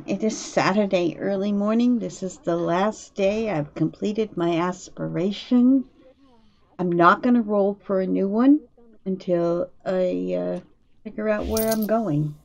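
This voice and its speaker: This woman speaks at medium pitch in an unhurried, gravelly voice, and the audio sounds dull. As host of a gameplay video, she comments casually and relaxedly, musing aloud over her decisions while faint game music plays.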